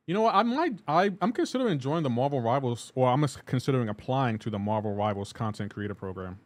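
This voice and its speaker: A man's voice: mid-range voice, lively intonation, quick pace, few pauses, no echo. A man streaming a game live, ranting in an exasperated way and repeating himself while reacting to chat.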